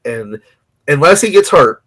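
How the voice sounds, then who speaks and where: A man's voice: a little high, very animated, unhurried, a bit bright. A man co-hosting a sports betting podcast, talking casually in a rambling, hedging way with frequent restarts. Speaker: podcast co-host.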